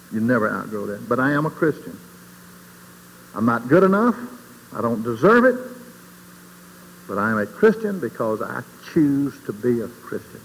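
Animated folksy preacher man, hall reverb. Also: vocal fry. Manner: folksy, conversational preaching, asks the audience questions; swings between quiet asides and loud, high emphasis. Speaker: speaker giving a Christian testimony. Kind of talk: informal sermon. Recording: long hall reverb, faint background noise.

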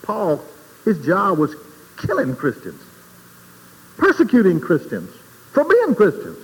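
A man giving an informal sermon in a folksy, conversational way, asking the audience questions and swinging between quiet asides and loud emphasis. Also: high voice, wildly swooping pitch, a little slow, breathy edge. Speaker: speaker giving a Christian testimony. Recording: long hall reverb, faint background noise.

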